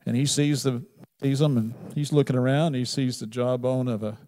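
A man preaching a sermon, retelling a Bible story with wry humor and big swings between loud emphasis and quiet asides. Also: medium pitch, steady tone, moderate pace. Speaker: pastor.

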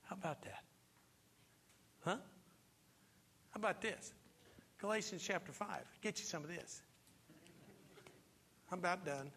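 Male pastor, higher pitched and bright, emphatic sermon delivery, in a long-reverb hall with faint music underneath. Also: unhurried, gravelly, long pauses, slight background noise. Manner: emphatic preaching with repeated rhetorical questions. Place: church sanctuary.

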